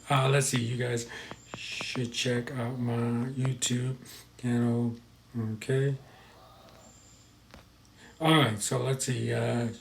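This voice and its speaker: A man's voice: medium pitch, gravelly, a bit bright, a little hiss or hum. An American man hosting a live stream, chatting casually, reading viewer comments and stumbling over pronunciations.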